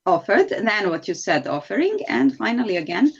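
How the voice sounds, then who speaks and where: A woman's voice: mid-range voice, big pitch swings, brisk, gravelly, slightly rough, lo-fi sound. A woman with a Serbian accent teaching an English grammar class online, patient and encouraging as she explains step by step.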